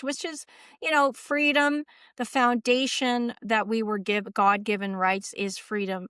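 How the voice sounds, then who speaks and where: Smooth-voiced woman, rambling and emphatic. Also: mid-range voice, a bit bright, no echo, studio quality. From Canada. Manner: rambling and emphatic, heavy on fillers. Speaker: interview guest. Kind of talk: casual interview conversation.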